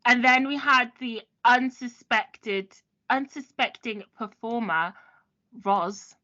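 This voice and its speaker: Chatty woman podcast host, kinda high bright voice, bit dull lo-fi sound. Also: takes it slowly. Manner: chatty, recapping from notes. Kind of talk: casual chat.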